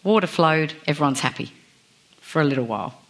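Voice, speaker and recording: A woman's voice: deep voice, lively intonation, brisk, a bit bright. Chatty woman preaching a sermon. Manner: chatty, self-deprecating, asks the congregation questions. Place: church.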